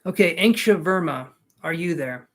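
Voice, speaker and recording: A man's voice: a little high, lively intonation, normal speed. A man giving live tarot readings, chatting casually, calling out viewers' names and joking between cards. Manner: chatty, reads viewers' names aloud and jokes. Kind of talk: casual live-stream chat.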